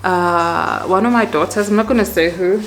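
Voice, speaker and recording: Chatty mom vlogging. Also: female voice, lowish voice, moderate pace, a little hiss or hum. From South Africa. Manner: chatty and animated, laughing as she talks. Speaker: vlogger and mother. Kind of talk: casual chat to camera. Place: home kitchen.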